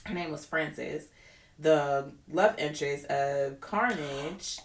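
Reverberant audio with background noise carries a low-pitched woman talking slowly. Co-hosting a podcast, she keeps the chat casual yet animated and opinionated, often quoting others.

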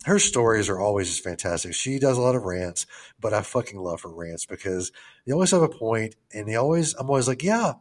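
A man's voice: fairly low pitch, animated, fairly quick. A middle-aged man co-hosting a podcast, rambling casually with plenty of swearing and jokes. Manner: rambling, profane, joking. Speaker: podcast co-host.

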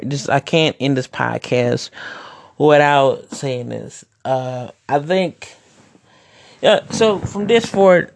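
A man talking through a casual podcast monologue in a gravelly, mid-pitched voice. He rambles and keeps restarting his sentences while sharing his opinions. The sound is dry and close, with no room to it. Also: dry recording. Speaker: podcast host and wrestler.

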